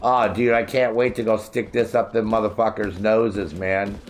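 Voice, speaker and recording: A man's voice: on the low side, fairly even intonation, normal speed, slight background noise. A man in his sixties streaming a video game, ranting angrily and swearing constantly at rivals who kicked him off their chat. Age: 60s. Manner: angry, profane, ranting; mimics others in mocking voices. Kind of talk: profane live-stream rant.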